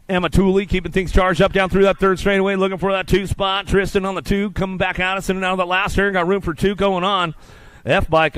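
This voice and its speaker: Rapid-fire BMX race announcer, crisp voice. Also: male voice, a little high, a bit bright, no room sound. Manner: rapid rhythmic announcer patter. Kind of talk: live BMX race commentary. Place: outdoor BMX track.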